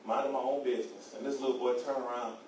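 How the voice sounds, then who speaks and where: A man preaching a sermon with grammar, repeating "amen" often and swinging from quiet storytelling to loud shouts. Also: mid-range voice, steady tone, quick pace, distant mic, a little hiss or hum. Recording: echoey room.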